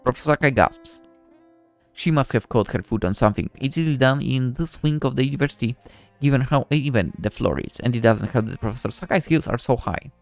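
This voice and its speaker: A man narrating a visual novel in the voice of its male lead, with wry asides. His pitch swings widely, and the sound is dry and close. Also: expressive, brisk, vocal fry, no room sound, faint music behind. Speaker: game let's-play narrator. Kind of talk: reading a visual novel aloud.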